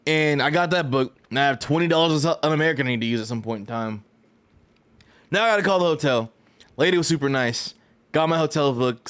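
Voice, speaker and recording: A man telling a story in a casual vlog, animated and profane, full of slang and rambling asides. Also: a little high, smooth. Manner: loose, rambling delivery with frequent "right?". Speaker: fighting game vlogger.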